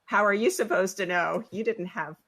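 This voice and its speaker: A woman's voice: medium pitch, normal speed, a bit bright. A woman hosting an interview, asking follow-up questions and affirming her guest. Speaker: interview host. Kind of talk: casual interview conversation.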